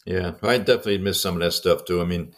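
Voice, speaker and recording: Deep, fast-talking older man telling stories. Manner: fast, lively anecdotes with chuckles. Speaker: podcast co-host and former baseball coach. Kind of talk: casual storytelling conversation.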